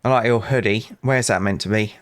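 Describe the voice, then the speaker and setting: Low-voiced British lad playing a game. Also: male voice, a little fast, a bit bright, dry recording. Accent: British English. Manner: chatty, rambling anecdotes with dry asides. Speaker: gaming channel host. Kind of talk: casual let's play commentary.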